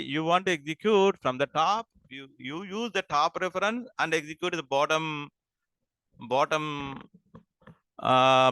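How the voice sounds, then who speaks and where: A man's voice: fairly high pitch, fairly bright tone, smooth, dry recording. A man lecturing a class, often stopping to ask whether students follow and restarting his sentences. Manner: repeats and checks understanding, halting restarts.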